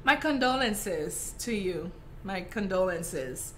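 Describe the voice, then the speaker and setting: A woman from Saint Croix with a softened Virgin Islands Caribbean accent, chatting casually with viewers during a live craft tutorial. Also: mid-range voice, animated, slow pace, a little hiss or hum. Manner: chatty, talks to viewers by name with many fillers. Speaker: craft stream host.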